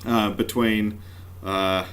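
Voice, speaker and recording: A man's voice: on the low side, flat delivery, slow, fairly bright tone. A man hosting a podcast, asking rambling questions full of fillers. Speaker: podcast host. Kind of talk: casual chat.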